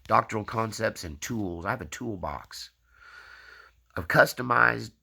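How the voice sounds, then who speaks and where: A man's voice: on the low side, lively intonation, a little slow, gravelly, bright, forceful tone, husky. A man hosting his own channel, giving a rambling personal faith testimony full of tag questions. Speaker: channel host.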